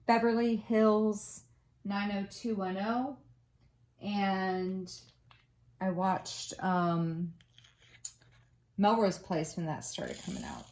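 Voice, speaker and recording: A woman's voice: mid-range voice, a little mellow. A woman in her forties chatting casually in a crafting vlog, rambling through stories with lots of ums and uhs. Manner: rambling storyteller with many fillers. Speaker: crafting vlogger. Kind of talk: casual chat.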